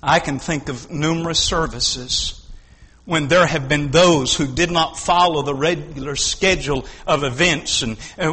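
A man preaching a fervent sermon in a high, bright voice. He takes his time and drops to near-hushed tones before building to ringing shouts. Everything trails off in a long, echoing reverb. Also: slightly rough. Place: church service.

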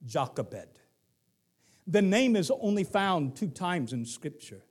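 A middle-aged man with a Southern accent preaching a sermon, moving from hushed lines to shouted ones. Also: a little high, very animated, slow, pauses often. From Southern United States. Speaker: pastor.

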